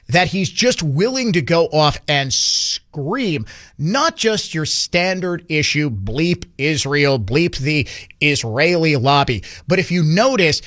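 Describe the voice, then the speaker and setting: A man's voice: on the high side, fairly bright tone, no room sound, clean studio sound. A man hosting a political commentary show, delivering the news with sardonic, mocking asides and open indignation.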